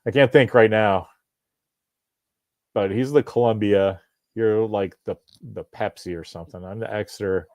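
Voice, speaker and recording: Low-voiced rambling podcast host, dry sound. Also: male voice, fairly even intonation, normal speed, long pauses, darkish tone, no room sound, lo-fi sound. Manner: rambling, self-interrupting, joking. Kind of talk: casual live-stream chat. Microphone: video call.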